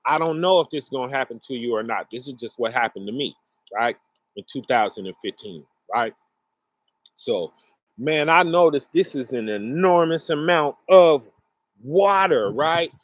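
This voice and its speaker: A middle-aged man telling a personal story in a casual, earnest way, often checking in with the listener, his pace swinging between rushed and slow. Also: mid-range voice, expressive, dry recording. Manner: conversational, often checks in with "right?" and "you know".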